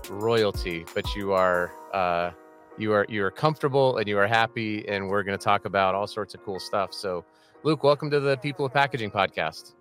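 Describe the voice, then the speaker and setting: A man hosting a podcast interview, chatty and jokey, with rambling asides. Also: lowish voice. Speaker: podcast host. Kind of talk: casual interview chat.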